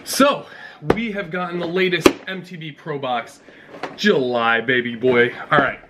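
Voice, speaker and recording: A man vlogging an unboxing in an excitable, casual way, talking straight to his viewers. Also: on the high side, unhurried, heavy background noise. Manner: excitable, talks to viewers directly. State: out of breath. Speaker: fishing vlogger.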